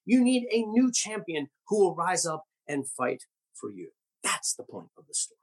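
A male pastor preaching a sermon, retelling a Bible story with animated storytelling and rhetorical questions. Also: high voice, normal speed.

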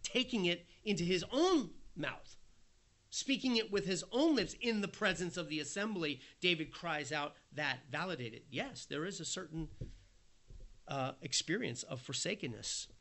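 A man delivers a sermon in a high-pitched, animated voice at normal speed, earnest and conversational. When acting out quoted voices, he goes soft before building to emphatic.

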